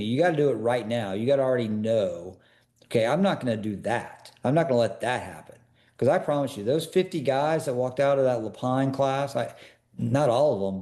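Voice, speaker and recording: A man who works as a personal security expert appears as a podcast guest, telling stories in a casual interview. He's earnest and emphatic, pressing listeners with repeated questions, in a mid-range, warm voice.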